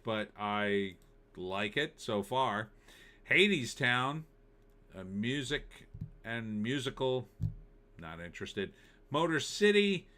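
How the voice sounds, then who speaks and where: Middle-aged male host with a bright, sharp tone, opinionated and sarcastic in loose chat. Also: medium pitch. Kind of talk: casual live-stream commentary.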